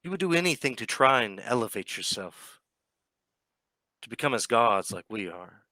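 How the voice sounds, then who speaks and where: A man voicing a haughty immortal baron who looks down on mortals, speaking slowly and theatrically. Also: medium pitch, sing-song, bright, forceful tone, dry recording. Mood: disdainful. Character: haughty immortal male Baron, amused, cruel.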